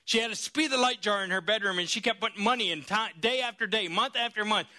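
A man preaching a sermon, telling a story in an animated, lively way. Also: high-pitched, fast talker.

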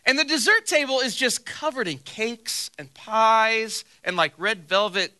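Preaching at a measured pace, this pastor's voice sits high and sounds pushed, bright, and smooth. He opens with an amusing personal story, acting out quotes and poking fun at himself, then moves into scripture.

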